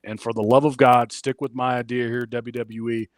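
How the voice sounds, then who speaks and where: Male wrestling podcast co-host, animated recap style, dry sound. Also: medium pitch, moderate pace, no echo. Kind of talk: casual chat.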